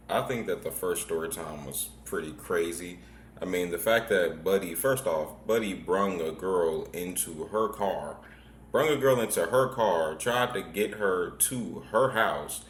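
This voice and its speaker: A man hosting a show, giving relaxed, wry commentary on story clips he has played. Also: sits low, a little hiss or hum. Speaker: host. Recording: echoey room.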